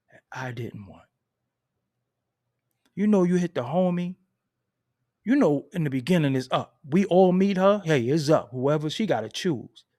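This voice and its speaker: A man's voice: on the high side, dark tone, no room sound, studio quality. A man telling a story in a casual, profane and emphatic way, laughing between lines.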